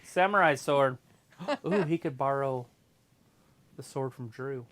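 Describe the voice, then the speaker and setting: Very low-voiced woman match commentator. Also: slow. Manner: blunt, deadpan, excitable during the action. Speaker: livestream co-host. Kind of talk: casual commentary on a live match.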